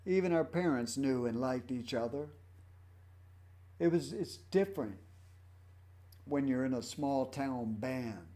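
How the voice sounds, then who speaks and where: Man, fifties, slow-talking, rambling anecdotes, casual stream host. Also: mid-range voice, expressive, dark tone. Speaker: host and rock drummer. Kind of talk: casual livestream chat.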